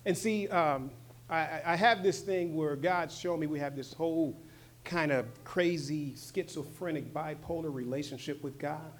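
A man preaching with a slightly high voice, talking to his listeners in a loose, slangy way. He swings from loud, emphatic lines to soft, low asides, often repeating short phrases for emphasis. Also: normal speed, slight background noise. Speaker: pastor. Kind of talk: sermon.

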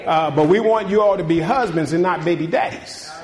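A male pastor preaching. His voice sits a touch high for a man. He moves from soaring, raised exhortation down to hushed, intimate talk and back. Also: brisk. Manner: swings from loud, high preaching to quiet, low talk; folksy, conversational preaching with call-and-response. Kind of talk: sermon.

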